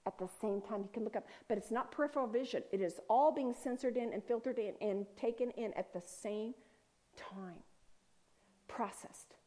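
A woman with a fairly high voice tells a personal spiritual testimony in an earnest, rambling way. She restarts her sentences often and sometimes sinks into a soft, hushed near-whisper. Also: a little fast, hardly any pauses. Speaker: speaker sharing a faith testimony.

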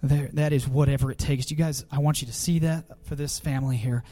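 A man's voice: medium pitch, steady tone, a little fast, warm tone. A youth pastor, a man, giving a heartfelt farewell tribute at a church gathering, choked up with emotion and laughing nervously.

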